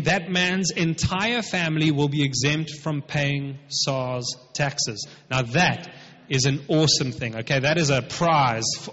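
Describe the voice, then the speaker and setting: Husky-voiced preacher in an echoing hall. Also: male voice, a little high, a bit bright. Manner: conversational, explaining with asides. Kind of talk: sermon, retelling a scripture passage. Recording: reverberant hall, dull lo-fi sound.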